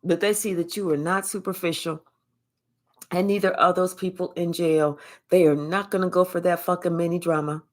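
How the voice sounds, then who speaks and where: A woman doing a casual spiritual reading to camera, profane and animated, stretching out words for emphasis. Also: on the low side, moderate pace. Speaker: tarot reader.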